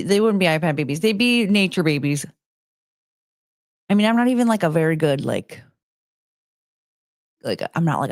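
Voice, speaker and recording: A woman's voice: on the low side, no echo, clean studio sound. A woman chatting casually with her live-stream viewers, rambling and giggling and often breaking off mid-sentence. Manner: rambling, self-interrupting, giggly. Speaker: livestream host.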